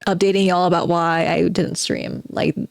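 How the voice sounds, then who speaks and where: Woman, live streamer, excitable reactions, chatty asides, dry close mic. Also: on the low side, moderate pace, gravelly, no room sound. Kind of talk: live stream reaction while reading aloud.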